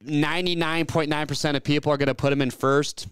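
A man's voice: a little high, level tone, fast, clear, resonant tone, no echo. A man co-hosting a fantasy racing show, chatting casually and arguing his opinions at length, often restarting his sentences. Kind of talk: casual sports chat.

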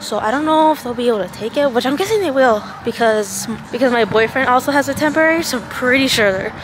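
A woman's voice: high voice, lively intonation, quick pace, background noise. A young woman chatting casually to her camera in a rambling vlog, with lots of ums and likes. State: out of breath. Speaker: vlogger.

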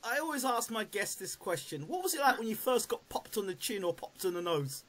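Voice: medium pitch, sing-song, a little fast. An interview host asking guests questions in a casual, chatty way.

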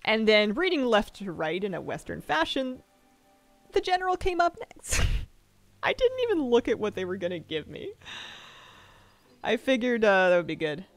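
A woman's voice: a little high, wildly swooping pitch, moderate pace, pauses often, no echo. A woman streaming a game, chatting casually with chat in a rambling way and laughing often. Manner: chatty, giggly, rambling asides.

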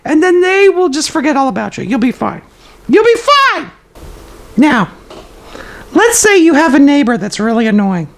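A man's voice: very high voice, big pitch swings, normal speed, full character voice. A man voicing a zany toilet paper roll puppet who hosts a comedic live stream. The puppet hands out absurd life advice in a matter-of-fact way and chats with viewers, with hesitant fillers.

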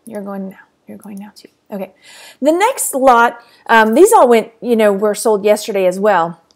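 Chatty Texan woman with a high voice. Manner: chatty, rambling, laughs often. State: tired, yawning. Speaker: reseller vlogger. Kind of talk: casual chat to camera.

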